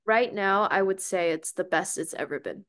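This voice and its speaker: A woman's voice: mid-range voice, moderate pace. A woman in her twenties, a content creator from Beijing who speaks with an American accent, answering interview questions in a breezy, offhand way. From Beijing, China. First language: Mandarin Chinese. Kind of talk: casual interview.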